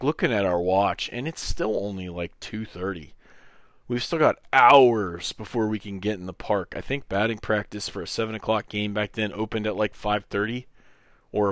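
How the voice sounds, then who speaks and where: A man in his thirties tells a rambling personal story, slipping into other people's voices as he goes. His voice sits low and the recording is dry and close, with no room around it. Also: no room sound. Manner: animated storyteller who acts out quoted voices, swears freely. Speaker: podcast host. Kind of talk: casual storytelling.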